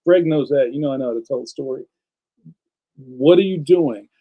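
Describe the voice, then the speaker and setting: A man's voice: mid-range voice, moderate pace, dull audio. A man hosting a casual livestream, chatting enthusiastically and speaking straight to his viewers. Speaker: livestream host and cartoonist.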